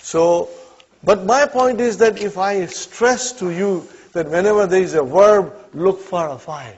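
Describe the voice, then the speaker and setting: A high, breathy male voice delivers an Arabic lesson at a measured pace. The teacher encourages students patiently as he explains example sentences, repeatedly asking "huh?" and "okay?". Sound quality is that of a dull lo-fi classroom recording.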